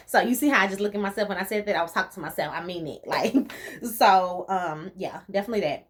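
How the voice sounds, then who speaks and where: A young woman from the rural US chats casually as a vlogger answering viewer questions, animated and laughing often with relaxed slang. Her voice is on the low side and she speaks at a moderate pace.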